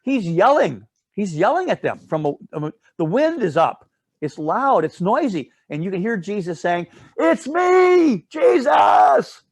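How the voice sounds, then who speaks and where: A man with a fairly high voice leads a casual Bible study, telling the story in a rambling, digressive way. He keeps adding asides and correcting himself, and checks in with his listeners often. The sound is dry and close. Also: very animated, normal speed, no room sound. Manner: often asks "all right?" to check in with listeners.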